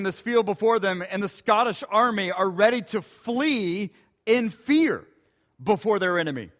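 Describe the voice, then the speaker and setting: Slow, high-voiced male preacher. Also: lively intonation, a bit bright. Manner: emphatic storytelling with dramatic repetition. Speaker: pastor. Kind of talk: sermon.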